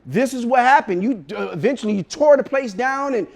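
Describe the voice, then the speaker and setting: A woman friend explaining events plainly, as a high-voiced man puts her on in a story. The delivery is matter-of-fact and close to the teller's own voice. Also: lively intonation, fairly quick, gravelly, full character voice.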